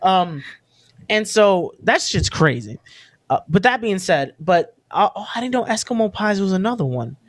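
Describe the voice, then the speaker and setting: Brief: twenties man, podcast co-host, high and lively, loose rambling chat with swearing, dry close sound. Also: normal speed, dry recording. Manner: loose, rambling, swears freely, laughs often. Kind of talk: casual chat.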